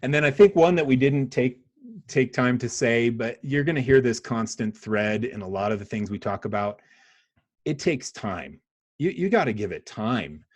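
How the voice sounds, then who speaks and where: A man's voice: medium pitch, expressive, moderate pace. Upbeat American man hosting a podcast. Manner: encouraging, practical, says "yeah" often. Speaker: podcast host. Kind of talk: casual business podcast chat.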